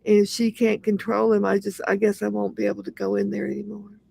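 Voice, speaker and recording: A woman's voice: mid-range voice, monotone, fast talker, vocal fry, warm tone, breathy edge, dry recording. A woman hosting a casual livestream, talking in an aggrieved, repetitive rant. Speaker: livestream host.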